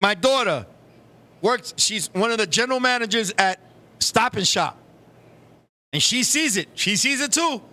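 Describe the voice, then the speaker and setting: Bright, high-voiced profane male host. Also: a little slow, long pauses. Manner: profane, animated storytelling. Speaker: show host. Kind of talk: live casual chat.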